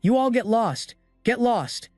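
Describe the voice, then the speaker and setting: Cruel zealot voiced by a male narrator, shouting curses, fairly high voice, dry sound. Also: animated, normal speed, no room sound, soft background music, lightly acted. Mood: ranting. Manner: shouting, cursing.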